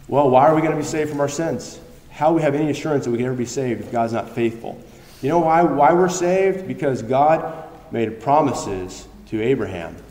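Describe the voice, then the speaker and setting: A male pastor preaches in a casual, animated way, often restarting his sentences as he leans into a point. His voice sits at an ordinary middle pitch. It rings through a roomy church with a long, trailing echo. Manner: conversational, animated storytelling with many restarts. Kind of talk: sermon. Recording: echoey hall, long reverb.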